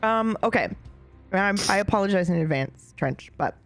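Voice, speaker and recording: A woman's voice: mid-range voice, animated, normal speed, soft background music. A woman in casual group chat, talking in a rambling, self-deprecating and fond way about roleplaying with a castmate. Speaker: roleplay streamer reflecting on a castmate.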